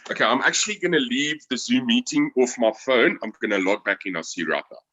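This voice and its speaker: A man with a South African accent speaking on a video call, halting and repeating words as he starts his sentences. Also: medium pitch, very animated, bright, forceful tone, muffled recording. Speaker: webinar participant. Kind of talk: casual video call chat.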